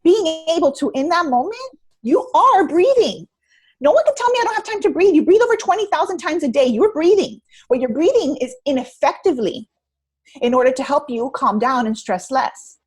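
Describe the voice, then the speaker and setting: A woman's voice: sits high, expressive, brisk. A pregnant woman in her thirties, a stress management expert, speaking expressively and acting out her own reactions in a conversational interview over a video call. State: heavily pregnant. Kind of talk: conversational interview, animated storytelling.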